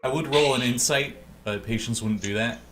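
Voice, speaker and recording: A man playing a tabletop game, chatty and animated as he describes his character's moves. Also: mid-range voice, moderate pace, crowd noise. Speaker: player. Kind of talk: casual play chat.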